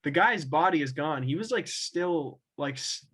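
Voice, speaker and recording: A man's voice: on the high side, animated, measured pace, a bit bright, breathy edge, rough recording. A young man co-hosting a casual podcast, telling a rambling story full of swearing, with laughs breaking in. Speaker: podcast co-host. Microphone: own camera and mic at home.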